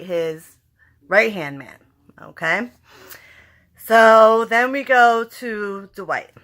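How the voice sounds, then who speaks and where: Bright-voiced, excitable woman reviewing a show. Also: on the low side. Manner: excitable, rambling, swears freely. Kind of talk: casual episode review vlog.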